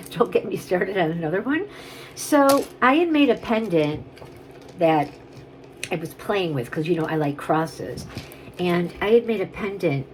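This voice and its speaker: A woman's voice: fairly low pitch, a little hiss or hum, low-quality recording. A woman chatting casually on camera as she shows and sells vintage jewelry, rambling and gushing over each piece. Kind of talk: casual on-camera selling chat.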